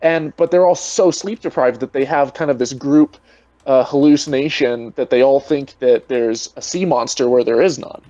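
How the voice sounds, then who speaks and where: A man's voice: mid-range voice, normal speed, warm tone, dry recording, low-quality recording. A man talking as a guest in a casual online debate, rambling and full of "you know" fillers over a video call. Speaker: guest, atheist video creator.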